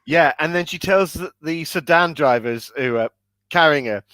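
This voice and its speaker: A man's voice: normal speed, dry recording. A man co-hosting a casual chat, enthusiastic and hiccuping as he talks about films. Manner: enthusiastic, acts out quoted lines in high shouts. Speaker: podcast co-host.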